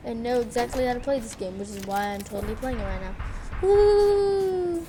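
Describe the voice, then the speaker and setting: A woman hosting a let's play, commenting excitedly on her game, squealing and mocking herself. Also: a little high, normal speed, background noise. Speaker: gaming channel host.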